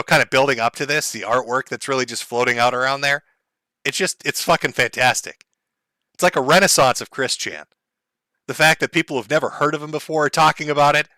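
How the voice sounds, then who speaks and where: A man's voice: fairly high pitch, sharp tone, no echo. A man hosting a livestream, giving a crude, sarcastic rant with mocking asides. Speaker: streamer host.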